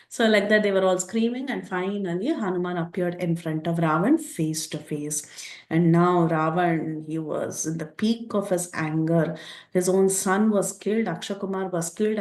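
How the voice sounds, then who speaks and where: Woman scripture teacher, lively storyteller, echoey room. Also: mid-range voice. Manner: lively storytelling, acts out quotes.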